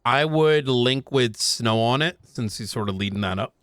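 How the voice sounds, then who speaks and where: A man in character as a police officer in roleplay chat, measured and matter-of-fact. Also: medium pitch, fairly bright tone, clear, resonant tone, no room sound, studio quality.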